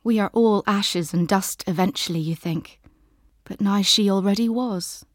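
A woman narrating a literary audiobook in a slow, measured, intimate and soft way. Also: medium pitch, no echo, studio quality.

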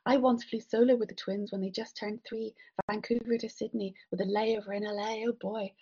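A woman reading the lines of a friendly middle-aged man, a fellow plane passenger, in a gentle, wry conversational way. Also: medium pitch, steady tone, fairly quick, husky, lo-fi sound.

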